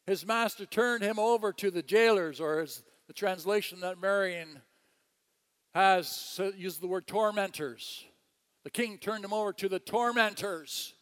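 A man preaching a sermon, telling a story with animated delivery, chuckling and repeating phrases. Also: high-pitched, clear, resonant tone, big-room sound.

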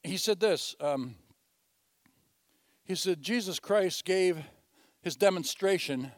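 High-voiced preacher, dry close sound. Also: male voice, no echo. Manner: earnest, swings from loud emphasis to quiet asides; repeats and restarts phrases while teaching. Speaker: pastor. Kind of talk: sermon.

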